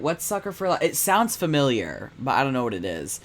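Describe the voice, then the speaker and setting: A man streaming a game, reacting with excitable, swearing casual commentary. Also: mid-range voice, a little fast. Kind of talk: casual game commentary while reading aloud.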